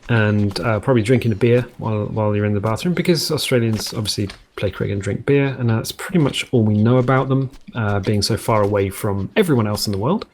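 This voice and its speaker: A man's voice: fairly low pitch, moderate pace, darkish tone, a little hiss or hum. A man hosting a casual let's-play from home, rambling through jokey tangents and cutting himself off mid-sentence. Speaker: gaming video host.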